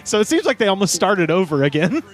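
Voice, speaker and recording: High, lively man. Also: fast talker, faint music behind. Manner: laughs often, slips into silly put-on voices for comments. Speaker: podcast co-host. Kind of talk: casual comedic chat reading comments.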